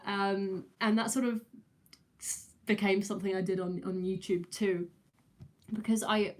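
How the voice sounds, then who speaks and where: A woman's voice: medium pitch, flat delivery, a little slow. A nineteen-year-old woman, chatting casually on a livestream, with many fillers, restarts and a slight stutter. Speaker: streamer answering chat.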